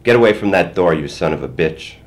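A firm, protective mother stands her ground in a calm, steady voice, as a man reading the story voices her. She speaks gently and plainly to her children. The voice sits extremely deep. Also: normal speed. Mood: stern.

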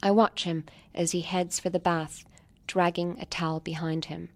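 Woman author, low voice, measured literary reading with soft hushed moments. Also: level tone. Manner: measured, softly dropping to near-whispers. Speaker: author reading her own story.

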